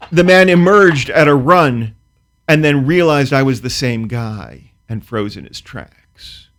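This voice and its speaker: A man's voice: mid-range voice, animated, slow pace, pauses often, fairly bright tone. A man, a comedian guest, telling a comic story in a dry, precise, wry way, then chatting casually about his work. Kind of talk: casual talk-show chat.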